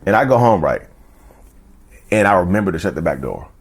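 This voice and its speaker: Man, low-pitched voice, earnest casual vlog talk, repeats himself, sudden high jumps for emphasis. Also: very animated, brisk, slightly rough. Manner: earnest, repetitive, keeps asking "you see what I'm saying". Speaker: YouTube channel host.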